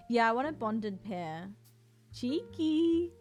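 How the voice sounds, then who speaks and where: A woman talks slowly and gushes to her live-stream viewers in a casual, cooing way. Her voice sits on the higher side, and faint music plays underneath. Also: animated, a little mellow. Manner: gushing, cooing over cats, talking to chat.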